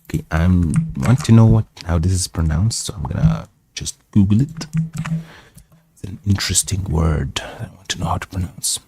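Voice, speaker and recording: A man's voice: sits low, animated, normal speed, vocal fry, warm tone, a little hiss or hum. A man whose first language is Arabic hosts a live English reading stream, reading a classic novel aloud. He reads carefully, repeating phrases and sounding out difficult words.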